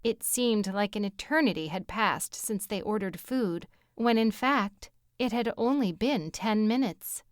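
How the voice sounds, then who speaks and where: Slow, smooth woman audiobook narrator. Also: medium pitch, expressive, dry recording, studio quality. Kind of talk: scripted narration.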